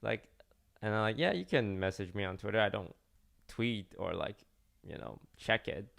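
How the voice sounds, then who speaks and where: A man's voice: lowish voice, expressive, normal speed, creaky, fairly bright tone. A young man, a streamer, telling a story in a casual, rambling way with many fillers and restarts.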